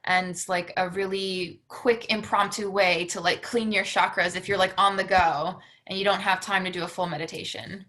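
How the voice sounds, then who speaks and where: Bright-voiced woman asking a question. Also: on the low side, fairly even intonation, moderate pace, few pauses. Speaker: class participant asking a question.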